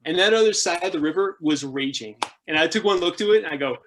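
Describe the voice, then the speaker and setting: A man in his thirties tells his travel adventures as a podcast guest. He laughs a lot and pitches up sharply to act out the people in his stories. His voice sits a little high. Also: fast, noisy background. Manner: animated, laughing, acts out quoted people with jumps in pitch. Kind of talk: casual storytelling interview.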